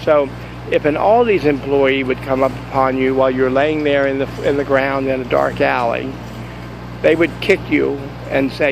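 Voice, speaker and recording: A man's voice: medium pitch, fairly even intonation, moderate pace, gravelly, background noise. A man vlogging from a store parking lot and then his car, telling a rambling, jokey story. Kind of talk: casual joking storytelling.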